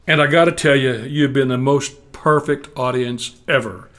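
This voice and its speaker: Speaking with a Texan accent, this seventy-something musician and storyteller delivers a wry on-stage story to a live audience. His mid-range voice is steady and a touch bright, at normal speed.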